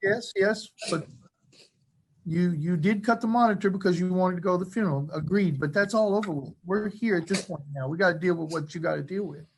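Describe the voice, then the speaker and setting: An older man, the defendant's grandfather, speaking earnestly and calmly in court. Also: sits high, a little fast, creaky, breathy edge, poor audio. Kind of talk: courtroom testimony.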